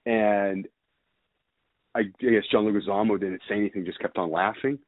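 A man's voice: fairly low pitch, steady tone, moderate pace, no echo. A man casually telling a rambling story, swearing freely and stumbling over details. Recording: dry phone-like sound.

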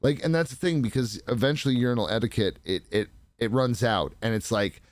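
A man's voice: medium pitch, a little fast, hardly any pauses, no room sound, clean studio sound. A man co-hosting a podcast in crude, casual banter, swearing often and breaking into exaggerated voices. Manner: profane, animated, jumps into exaggerated voices. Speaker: podcast co-host.

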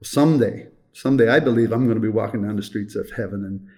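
A man's voice: fairly low pitch, fast, a little mellow. An older man who directs a children's home, telling a heartfelt story in an interview with earnest repetition.

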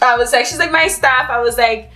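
Brief: high-pitched woman from Zimbabwe, podcast co-host, brash and profane storyteller. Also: brisk, faint music behind. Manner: animated, profane, loud and laughing. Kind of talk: casual storytelling chat.

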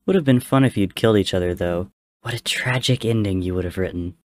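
A man voicing a smirking, mocking male god who talks loudly and with exasperation. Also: sits low, expressive, normal speed. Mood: taunting. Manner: taunting, exasperated.

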